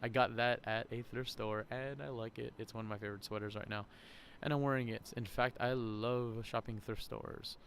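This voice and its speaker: A man hosts a podcast at an outdoor shopping center, rambling casually in a vlog monologue and laughing often, with faint crowd sounds and a little hiss or hum. His mid-range voice is steady, creaky and fairly bright, at normal speed with few pauses.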